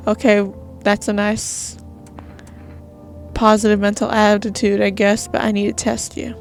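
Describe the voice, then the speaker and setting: A woman's voice: mid-range voice, monotone, measured pace, pauses often, darkish tone, soft background music. A woman gamer giving nervous, jumpy commentary while playing a horror game, talking to herself.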